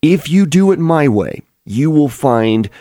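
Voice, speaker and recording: A man's voice: a little high, big pitch swings, slow, dark tone, no echo, clean studio sound. A man preaching an earnest, explanatory Bible teaching sermon, with frequent restarts as he works through the text.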